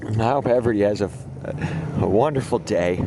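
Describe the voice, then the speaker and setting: A man's voice: on the low side, brisk, noisy background. A man hosting a gaming video, telling rambling, profane stories in a casual way and laughing at his own jokes. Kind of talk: casual storytelling over gameplay.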